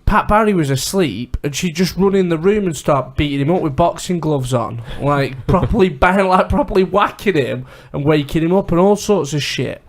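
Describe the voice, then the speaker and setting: A man's voice: a little high, lively intonation, moderate pace, few pauses. A man co-hosting a podcast, telling fight stories bluntly in casual chat and swearing freely. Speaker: podcast co-host.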